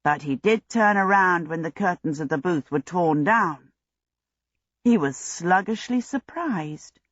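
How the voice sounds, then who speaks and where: Steady storybook narrator, mid pitch, kinda dull lo-fi audio. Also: measured pace, no room sound. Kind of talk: scripted narration.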